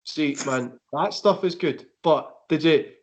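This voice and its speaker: A man's voice: a little high, measured pace. A Scottish man, a wrestler and podcast guest, talking bluntly with swearing and lots of "like". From Scotland. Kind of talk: casual chat. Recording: dull lo-fi audio.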